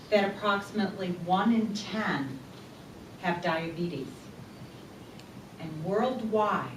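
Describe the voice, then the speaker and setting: A woman presents to a small group in a slow, deliberate way, putting questions to the room. Her voice rises and falls a great deal and sits a little high. She is recorded from a distance in a roomy space with a faint hum behind. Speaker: speaker giving a talk.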